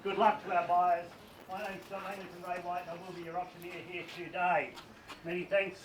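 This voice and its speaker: A man's voice: sits high, background noise. A man working as an auctioneer, projecting to a crowd outdoors as he reads out contract terms and auction conditions. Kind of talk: formal auction address. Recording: distant and roomy, picked up from afar.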